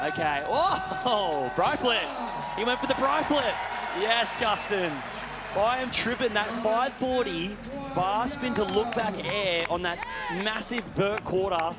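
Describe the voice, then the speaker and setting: A man giving live BMX commentary, excitable, often shouting and gasping at big tricks. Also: sits high, unhurried, loud music behind the voice, over a noisy crowd.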